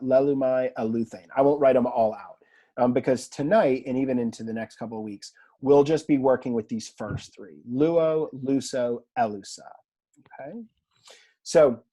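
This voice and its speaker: A man teaching a language class in a relaxed lecture style, chatty and self-deprecating, often quizzing his students. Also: fairly high pitch, husky. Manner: conversational, self-deprecating, asks the class questions. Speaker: Greek teacher.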